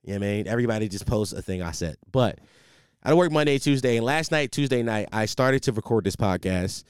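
Fast and clean-toned, his voice on the low side, the exhausted young host barrels through a casual, swear-filled monologue, restarting as he rambles with animation. It's a dry recording made on a studio mic in his home setup.

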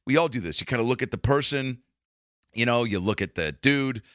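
A man's voice: mid-range voice, expressive, a little fast, fairly bright tone, no room sound, clean studio sound. A man, a comedian, rambling through a profane, casual monologue full of restarts.

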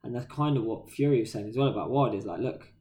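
A man with a British accent co-hosting a podcast, telling stories in a casual, slangy, animated way. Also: medium pitch, rapid-fire. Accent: British English. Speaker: podcast co-host. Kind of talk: casual chat.

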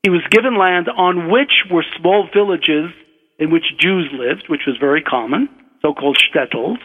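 An older man from Brooklyn spins a relaxed, wry anecdote in an unhurried, conversational way. His voice sits a little high for a man. The sound is a dull radio broadcast with a long reverb around it. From Brooklyn, USA. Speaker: physician and author guest. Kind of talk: anecdotal storytelling.

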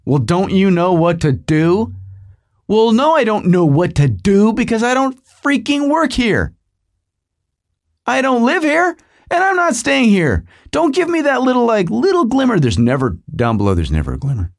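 A man's voice: very high voice, wildly swooping pitch, normal speed. A middle-aged man hosting a podcast, telling a rambling comic story with digressions and asides to the listener. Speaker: podcast host.

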